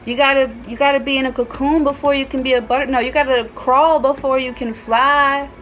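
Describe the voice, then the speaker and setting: A woman's voice: high voice, steady tone, fairly quick, a bit bright, slight background noise, low-quality recording. A woman giving a casual tarot reading at home, chatty and playful, with frequent swearing. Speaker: tarot reader.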